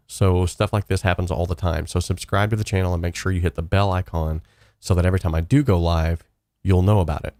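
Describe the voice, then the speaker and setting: Hosting a casual live stream from his home studio, a young man with a deep, mellow voice rambles along, using plenty of fillers and restarting often. The audio is close and dry, with no echo or room sound.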